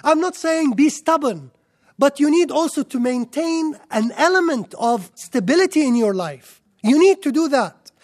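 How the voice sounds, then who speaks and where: A man's voice: very high-pitched, lively intonation, normal speed, a little mellow. A male preacher delivering an emphatic sermon, building points through lists and repetition.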